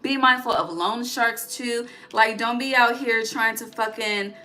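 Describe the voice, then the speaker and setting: A woman's voice: on the high side, measured pace, sharp tone, a little hiss or hum. A woman giving a casual tarot reading, blunt and profane, often ending her points with "okay?". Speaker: tarot reader.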